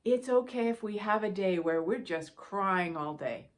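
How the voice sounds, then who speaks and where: A woman spiritual teacher giving a gentle, reassuring guidance talk, speaking directly to her listeners and repeating key phrases for emphasis. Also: mid-range voice, expressive, measured pace.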